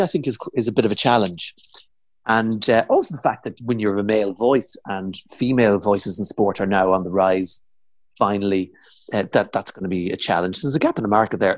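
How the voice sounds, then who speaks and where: A man's voice: mid-range voice, no room sound. A man, an impressionist guest, chatting casually and rambling with many fillers and restarts. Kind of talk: casual chat.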